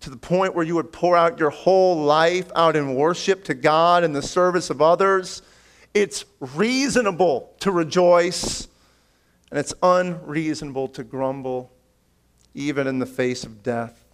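A man preaching a sermon as a pastor, earnest and pleading, calling his listeners friends and swinging between raised emphatic lines and quiet low asides. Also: measured pace, clear, resonant tone.

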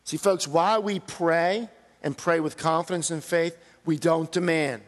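A man's voice: a little high, steady tone, measured pace, big-room sound. A middle-aged man preaching a sermon as pastor, earnest and building emphasis as he reads out cries from scripture.

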